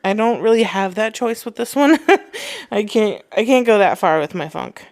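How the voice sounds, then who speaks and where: A woman's voice: mid-range voice, very animated, moderate pace, darkish tone, dry recording. A young woman hosting a podcast in casual chat, reading listener comments aloud and laughing often. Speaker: podcast host.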